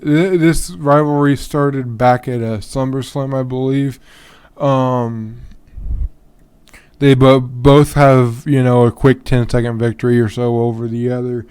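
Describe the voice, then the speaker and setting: A man's voice: medium pitch, a little mellow, smooth. A man hosting a podcast on his own in a casual, rambling way, full of ums and restarts, yawning and tired. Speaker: podcast host. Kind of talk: casual solo podcast talk.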